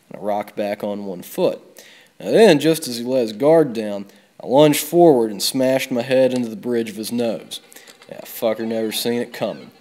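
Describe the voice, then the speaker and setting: A man hosting a video game let's play, telling a rambling comic bar story in a deadpan drawl with plenty of swearing. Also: lowish voice. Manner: deadpan drawl, swears freely, loud bursts on quoted yells. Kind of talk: comic rambling tall tale over gameplay.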